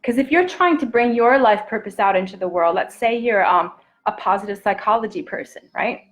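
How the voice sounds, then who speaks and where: A woman in a mid-range voice gives an earnest, heartfelt talk live to her viewers, picked up by a camera mic. Her tone is intimate and encouraging, and at times it softens almost to a whisper. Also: mid-range voice, expressive, a little fast, low-quality recording. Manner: earnest, intimate and encouraging, often drops to a soft near-whisper. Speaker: self-love coach. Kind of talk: live-streamed motivational talk.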